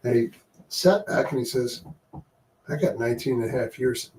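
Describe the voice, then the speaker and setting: A man's voice: mid-range voice, moderate pace, darkish tone, slight background noise. A man co-hosting a podcast in casual chat, laid-back and plain-spoken. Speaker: podcast co-host. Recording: distant from the mic.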